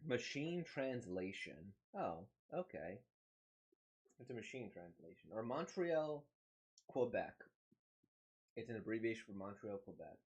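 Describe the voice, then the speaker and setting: A man's voice: on the low side, sing-song, unhurried, long pauses, darkish tone, husky, dull audio. A man hosting a manga reaction, rambling and thinking aloud in casual commentary.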